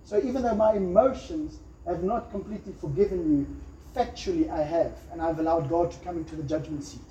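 A man's voice: fairly high pitch, brisk, mellow, a little hiss or hum. A man preaching a sermon emphatically, acting out little quotes and prayers. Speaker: pastor. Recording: echoey room, slightly dull sound.

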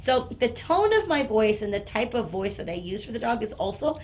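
Woman dog trainer, higher voice, teaching while working a dog, faint room hum. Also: sing-song, brisk. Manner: explanatory, coaxing dog in soft praise. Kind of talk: live-stream dog training demonstration. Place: indoor training room with carpet.

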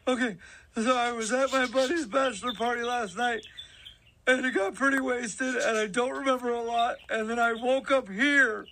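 A man's voice: very high-pitched, steady tone, normal speed, pushed and bright, a little hiss or hum. A man doing a radio prank call, pleading and panicking as if he were trapped in an elevator, with nervous laughs.

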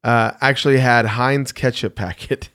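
A man's voice: medium pitch, fairly even intonation, moderate pace, a bit bright, dry recording, clean studio sound. A man co-hosting a podcast and a singer himself, talking casually, hesitant with lots of ums and restarts. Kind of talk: casual chat.

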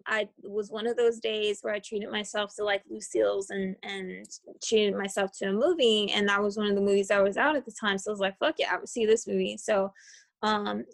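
A woman's voice: mid-range voice, level tone, normal speed, gravelly, dry recording. A woman hosting a casual podcast about horror movies, rambling with lots of fillers and casual swearing. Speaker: podcast host.

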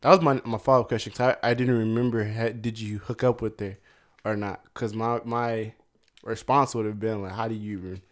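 Laid-back man with a low voice. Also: fairly even intonation, brisk, hardly any pauses. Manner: brief backchannel replies, laid-back. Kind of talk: casual chat.

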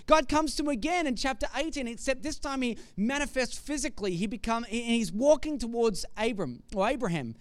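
Man, preacher, sermon, very high voice, conversational, jokey, dry sound. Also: lively intonation, moderate pace, smooth, no room sound.

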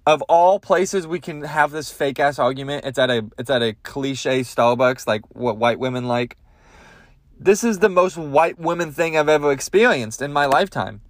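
A man's voice: a little high, lively intonation, normal speed, no echo, studio quality. A man hosting a comedy podcast, ranting crudely in a rambling monologue with lots of swearing. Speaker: podcast host.

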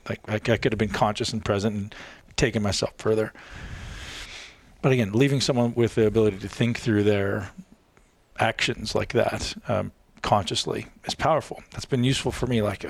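Podcast guest, male, fast profane chatter with a gravelly edge, dry close sound. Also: fairly low pitch, no room sound. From Canada. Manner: fast, profane, acts out quoted voices. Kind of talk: casual podcast conversation.

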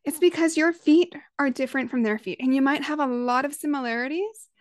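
A woman's voice: high voice, brisk, no echo. Chatty woman podcast host, dry close sound. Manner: conversational, lively, acts out quoted voices. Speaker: parenting coach and podcast host. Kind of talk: solo podcast monologue.

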